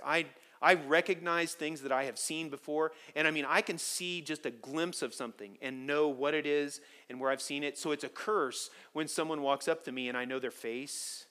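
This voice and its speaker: A man preaching a sermon to his church, telling stories with lively swings from quiet to loud. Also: on the high side. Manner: animated storytelling, swings from soft to loud. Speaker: pastor.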